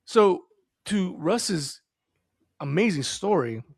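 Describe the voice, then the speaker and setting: A man's voice: high-pitched, slow, gravelly, husky, no room sound. Earnest man telling stories, dry close sound. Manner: earnest, animated storytelling. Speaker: podcast guest. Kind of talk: casual podcast conversation.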